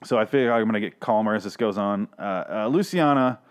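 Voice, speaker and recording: A man's voice: on the low side, fairly quick. A man recapping a TV episode in a casual, sarcastic, profane rant, often exasperated. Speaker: podcast host reviewing a TV episode.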